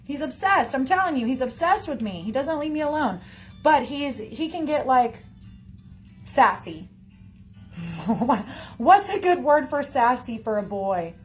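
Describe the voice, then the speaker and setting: A woman with a somewhat high voice chats casually and rambles on to her viewers. She talks loosely, with plenty of "like" and "y'all", and faint music plays behind her. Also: expressive, unhurried. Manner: rambling, chatty, heavy on "like" and "y'all". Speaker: livestreamer talking to viewers. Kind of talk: casual chat.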